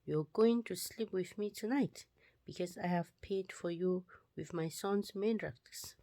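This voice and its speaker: A woman reads an unloved wife from a Bible story, earnest and hopeful. The voice is slow and a little low. The sound is close and dry. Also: warm tone, no room sound. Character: Leah, unloved wife hoping for love.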